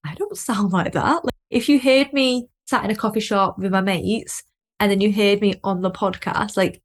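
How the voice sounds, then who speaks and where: A woman's voice: mid-range voice, steady tone, moderate pace. Chatty woman hosting a podcast. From Lancashire, England. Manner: chatty, lots of "like", laughs easily. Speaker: podcast host. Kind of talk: casual podcast chat.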